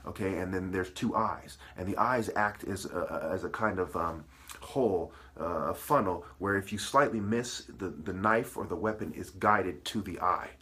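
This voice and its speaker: A man with a low, bright voice speaks at a normal pace in a forceful tone. His ranting monologue is preachy and profane, and he splits words into separate syllables as he lectures.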